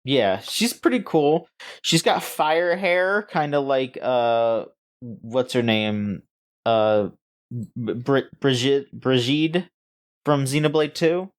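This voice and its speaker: A man co-hosting a casual gaming news podcast, rambling and halting with frequent restarts and fillers. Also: mid-range voice. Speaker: podcast co-host.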